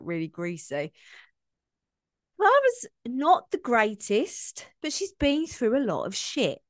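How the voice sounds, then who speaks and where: A woman's voice: medium pitch, no room sound, studio quality. A woman hosting her own coaching podcast, talking frankly and chattily with asides. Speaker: podcast host and self-belief coach. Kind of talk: casual solo podcast talk.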